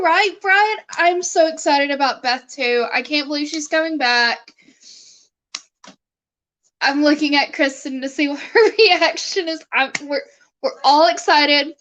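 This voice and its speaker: Young woman streamer chatting to her viewers, high voice, takes her time, laughs a lot. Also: fairly bright tone, poor audio. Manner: chatty, laughs often, talks to chat and her dog. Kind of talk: casual live-stream chat.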